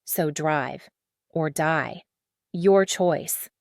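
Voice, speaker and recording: A woman voicing a wounded male criminal with a Korean accent, rough, clipped and controlled, in a low dry read. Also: extremely slow, dry recording, full character voice. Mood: menacing.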